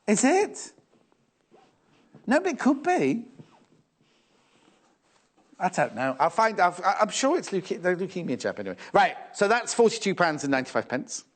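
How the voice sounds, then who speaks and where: Middle-aged male TV sewing presenter, chatty and fussy, lively pitch, a touch higher than most men. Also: moderate pace, long pauses. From England. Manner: chatty, fussing aloud, reading out viewer messages. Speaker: shopping channel presenter. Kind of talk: live sewing shopping TV chat. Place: TV studio.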